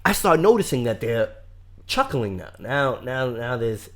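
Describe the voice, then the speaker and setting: A young man spins a long, cursing story in casual podcast chat. His delivery is highly animated, with his pitch leaping around. He drops to low mutters and then bursts out loud. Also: measured pace. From Brooklyn, New York. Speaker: podcast co-host telling a story.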